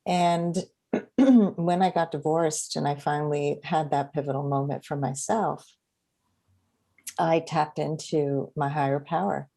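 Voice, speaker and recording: Low, mellow-voiced woman host. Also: fairly even intonation, unhurried, gravelly. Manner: reflective, shares own experience. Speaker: podcast host. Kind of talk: casual interview.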